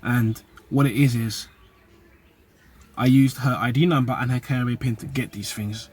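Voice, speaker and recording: A man's voice: mid-range voice, fairly even intonation, normal speed, a little mellow. A young man from the UK and Nigeria, talking casually and animatedly to camera in street slang. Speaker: vlogger. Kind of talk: casual vlog monologue.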